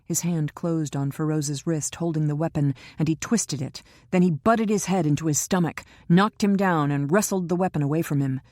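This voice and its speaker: A woman narrating a crime thriller audiobook in a steady storytelling manner. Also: low-pitched, moderate pace, hardly any pauses, no room sound, clean studio sound.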